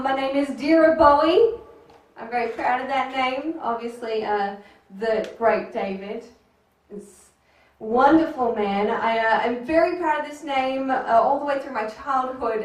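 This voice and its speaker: High-voiced woman doing stand-up. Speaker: stand-up comic. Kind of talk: stand-up comedy. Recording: very echoey room, distant mic.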